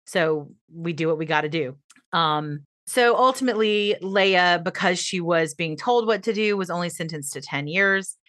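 A woman co-host walks through a story in a rambling, conversational manner. Her voice sits fairly low, and the recording is close and dry with no room sound. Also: moderate pace, fairly bright tone, no room sound. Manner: rambling explainer, frequent restarts and hedges. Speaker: podcast co-host. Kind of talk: casual chat, explaining a story.

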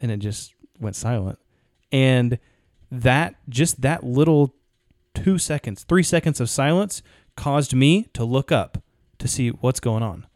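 A man co-hosting a podcast in casual chat, telling stories in a relaxed, plainspoken way. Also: medium pitch, a little slow, hardly any pauses, dry recording, studio quality. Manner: relaxed storytelling, plainspoken, with short agreeing interjections. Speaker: podcast co-host.

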